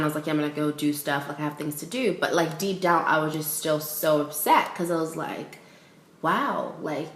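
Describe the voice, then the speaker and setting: A young woman telling a casual storytime vlog, animated and laughing as she acts out everyone's lines. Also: fairly low pitch, echoey room. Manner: animated, quotes people in voices, laughs a lot.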